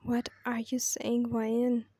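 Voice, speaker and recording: A woman voicing a possessive young mafia boyfriend in a fan story she reads aloud, often murmuring softly. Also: high voice, little pitch movement, normal speed, dry recording. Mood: hushed, hurt.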